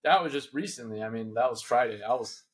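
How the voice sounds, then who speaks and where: Fast-talking husky coach. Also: male voice, mid-range voice. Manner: animated storytelling, acts out quotes. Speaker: high school football coach, podcast co-host. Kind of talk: casual chat.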